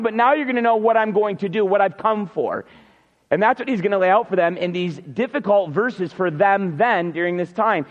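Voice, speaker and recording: A man's voice: very high-pitched, in a large hall, dull audio. A man preaching a Sunday sermon, earnest and emphatic, repeating key words for stress. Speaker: pastor.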